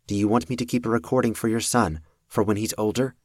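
A calm machine intelligence speaks through a wristband in a level, matter-of-fact tone, as a male narrator puts it on. The voice sits low and dark, and the recording is dry and close. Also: fast talker, no echo, lightly acted.

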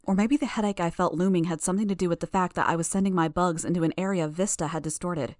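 A woman narrates an audiobook chapter in the first person, with a lowish voice. Her reading is steady and measured. The recording is dry, with no room sound. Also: no room sound.

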